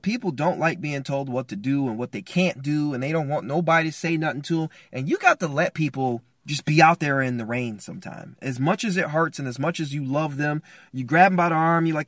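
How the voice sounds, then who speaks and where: Passionate male podcast preacher, bright and forceful, slightly high voice. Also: dry recording, clean studio sound. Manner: impassioned, colloquial, pleading. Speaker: podcast host. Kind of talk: preaching-style advice talk.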